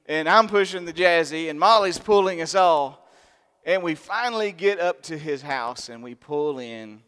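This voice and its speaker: A man preaching a sermon, telling a story in an animated, humorous way. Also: on the high side, clean tone. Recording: long reverb in a large hall.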